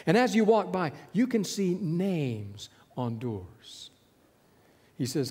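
A man preaching a sermon, telling a story in which he voices hushed dialogue between the listener and Jesus. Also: fairly high pitch, wildly swooping pitch, takes it slowly, slightly rough, long reverb tail.

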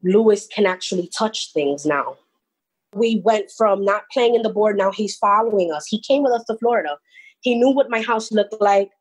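Husky-voiced young woman telling her story. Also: medium pitch, moderate pace, low-quality recording. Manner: rambling with frequent restarts. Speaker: interviewee recounting a personal experience. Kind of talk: personal storytelling.

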